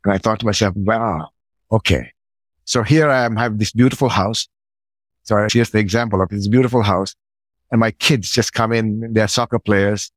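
A middle-aged man, a podcast guest, telling a personal story in a relaxed conversational way and acting out his own side of past conversations. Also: fairly low pitch, no room sound.

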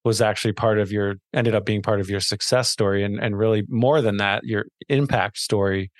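A man's voice: lowish voice, fairly even intonation, fairly quick, no echo, clean studio sound. A man hosting an interview, talking hesitantly with many restarts and laughing and affirming his guest often. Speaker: podcast host. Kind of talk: casual interview.

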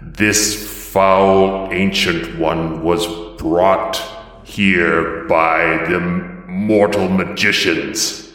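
A man voicing a vengeful warrior goddess, speaking deep, slow and booming. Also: little pitch movement, fairly bright tone, heavy reverb, big-room sound, exaggerated voice. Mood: wrathful.

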